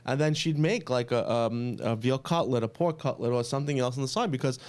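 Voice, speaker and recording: A man's voice: mid-range voice, brisk, a little mellow. Dude chatting on a podcast, telling stories about his family, pretty blunt. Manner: chatty, swearing, quotes his family members. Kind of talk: casual chat.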